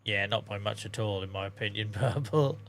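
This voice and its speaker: Bright-voiced Norfolk man streaming. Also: fairly low pitch, brisk, creaky. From England. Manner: chatty, talks to chat viewers, says mate. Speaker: game streamer. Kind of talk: casual live-stream gameplay commentary.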